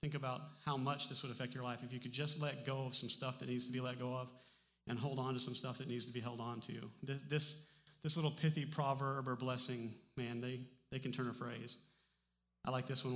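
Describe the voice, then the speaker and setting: A male pastor delivers a casual, conversational sermon, often stumbling and restarting his phrases. His mid-pitched voice carries a long reverb tail from the church hall around him. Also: brisk. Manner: relaxed, conversational preaching with frequent restarts. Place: church sanctuary.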